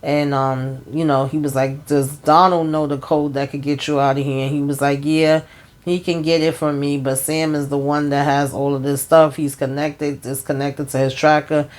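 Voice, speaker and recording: A woman's voice: sits low, level tone, moderate pace, darkish tone. Woman host, conversational recap vlog, retells scenes as dialogue, colloquial and exclamatory. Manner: colloquial, frequent fillers. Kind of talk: casual episode recap.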